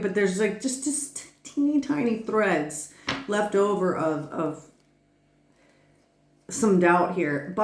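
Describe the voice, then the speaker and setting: A woman's voice: mid-range voice, roomy sound. A woman giving a casual tarot reading who rambles, laughs often and swears freely. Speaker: tarot reader.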